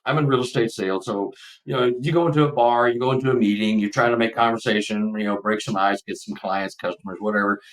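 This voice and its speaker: A man's voice: fairly low pitch, steady tone, fast, far from the mic, poor audio. A man in his seventies from Texas, a podcast guest telling a personal story in a casual, emotional, rambling way.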